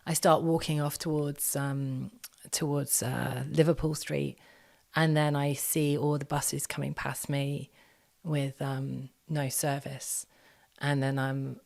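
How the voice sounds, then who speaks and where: A woman telling a personal story as a podcast guest, lively and quick, acting out the voices of people she quotes. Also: low-pitched, gravelly. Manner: animated, acts out quoted dialogue in quick bursts. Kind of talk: storytelling in conversation.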